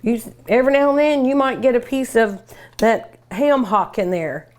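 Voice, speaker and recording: A woman's voice: on the high side, moderate pace. An older woman hosting a cooking show, chatting and gushing enthusiastically while she eats. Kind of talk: casual cooking show talk.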